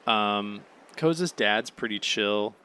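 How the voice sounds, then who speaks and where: A sleepy, yawning man hosting a podcast, rambling through a casual solo recap with lots of "um"s and swearing, now and then bursting into high, excited gushing. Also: slow pace, clear, resonant tone. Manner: rambling, offhand, peppered with swearing and "um"s. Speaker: podcast host.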